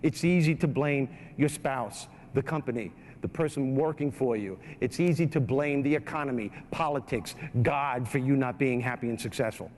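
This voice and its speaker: A man's voice: mid-range voice, moderate pace, few pauses, a little mellow, slight background noise. A man giving a comedic motivational keynote, emphatic and repetitive, in a large hall. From New York. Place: large hall with a live audience. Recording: reverberant hall.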